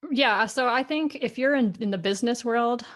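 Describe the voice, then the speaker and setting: A woman hosting a podcast, speaking matter-of-factly and often trailing off quietly at the ends of phrases. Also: fairly high pitch, normal speed. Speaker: podcast host. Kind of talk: casual conversation.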